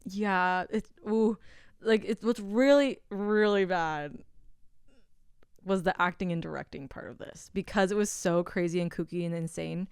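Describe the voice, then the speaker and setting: A woman's voice: fairly low pitch, measured pace, smooth, dry recording, clean studio sound. A young adult woman co-hosting a podcast, talking candidly and with animation, often mocking herself in casual chat. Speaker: podcast co-host and filmmaker.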